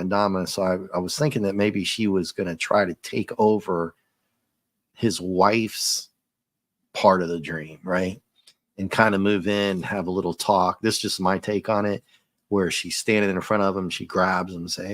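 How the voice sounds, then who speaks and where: A man's voice: low voice, dry recording. A man giving a casual, rambling comic book review as he reads along, chuckling often.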